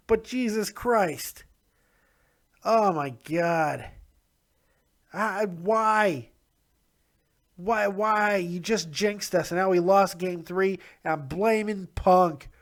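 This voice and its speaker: A man hosting a casual solo commentary show, rambling, swearing and frustrated, saying he is exhausted. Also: sits high. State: tired. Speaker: podcast host.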